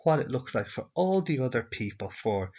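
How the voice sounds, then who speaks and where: With big swings in pitch, a mid-range voice, a darkish tone, and a moderate pace, a male teacher guides a learner through a slide-based language lesson. He explains things patiently step by step and asks questions, though the audio is dull and lo-fi.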